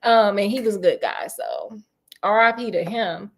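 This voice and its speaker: A woman's voice: medium pitch, wildly swooping pitch, normal speed, gravelly, a little hiss or hum. A woman hosting a storytelling show, retelling a classic detective tale in a chatty, slangy, digressive way. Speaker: storytelling host.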